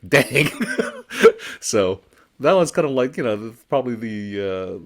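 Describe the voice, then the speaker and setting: A man telling a personal ghost story in casual conversation, animated and laughing as he acts out his own reactions. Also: mid-range voice, a little slow. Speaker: storyteller guest.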